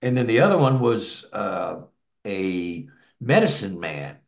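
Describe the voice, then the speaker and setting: A gravelly, low-voiced guest recounts his experiences at a measured pace, his pitch swinging widely. The long story rambles casually with frequent restarts and repeated words, on echoey, dull, lo-fi audio.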